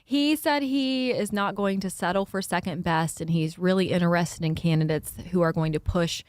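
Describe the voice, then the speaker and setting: A female reporter speaking as a guest on talk radio, her voice sitting on the lower side. She explains the news in a chatty, conversational way. The sound is close and dry, from a studio microphone. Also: moderate pace, darkish tone, dry recording. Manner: chatty, explanatory, with light laughs.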